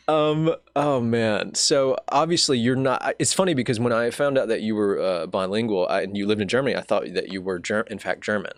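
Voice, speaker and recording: A man's voice: on the low side, moderate pace, dry recording, clean studio sound. A young man hosting a casual interview, joking and teasing his guest and laughing often. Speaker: podcast host.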